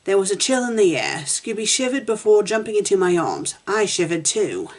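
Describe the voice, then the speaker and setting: A woman's voice: mid-range voice, very animated, moderate pace, a little mellow. A woman reviewing fan fiction, reading a story aloud with wry, giggly asides.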